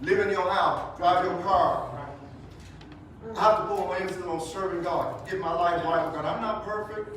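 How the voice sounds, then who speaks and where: Man, high-pitched, folksy storytelling preacher at a funeral; distant mic, booming room echo. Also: normal speed, background noise. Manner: storytelling, preacherly, repetitive restarts. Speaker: funeral speaker. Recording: very echoey hall, distant mic.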